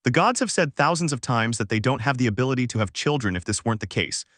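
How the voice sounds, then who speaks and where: A man's voice: medium pitch, animated, fast, fairly bright tone, no room sound, clean studio sound. A man voicing a young white-haired man who is fanatical about heroes, speaking in an exasperated, sighing way.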